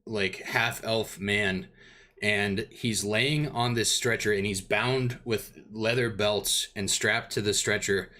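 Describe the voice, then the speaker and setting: A man's voice: fairly low pitch, steady tone, slow, bright, forceful tone. A man running a tabletop game as dungeon master, narrating in a rambling way with many fillers.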